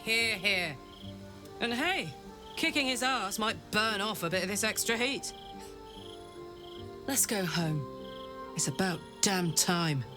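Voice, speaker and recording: Weary, gruff female warrior. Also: mid-range voice, animated, slow, pauses often. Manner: tired, sighing, plain-spoken. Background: game music.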